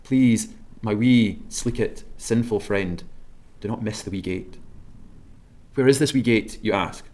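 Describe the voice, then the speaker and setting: A man with a Scottish accent preaching a sermon, measured and emphatic, slowing down to stress key words. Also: fairly low pitch, darkish tone.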